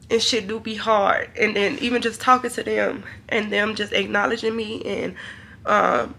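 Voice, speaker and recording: A woman's voice: on the high side, creaky, bright, forceful tone. A young woman, talking to camera in a hotel room, chatty and emotional. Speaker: vlogger. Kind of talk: casual vlog talk to camera.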